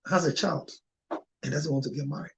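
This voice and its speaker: A man speaking as a marriage counselor in an impassioned monologue, emotional and close to tears at times, his voice jumping suddenly higher and louder. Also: steady tone, normal speed, gravelly. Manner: emotional, with sharp rises in pitch and loudness.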